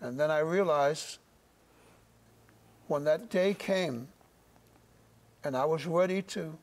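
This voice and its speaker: A middle-aged man giving an earnest, halting church testimony in an interview, often repeating words as he searches for them. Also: a little high, darkish tone.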